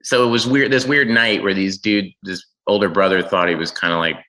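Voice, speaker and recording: Deep, bright-voiced man telling stories. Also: fairly quick, poor audio. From Oklahoma, USA. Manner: animated storyteller acting out quoted people. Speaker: guest. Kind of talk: casual chat.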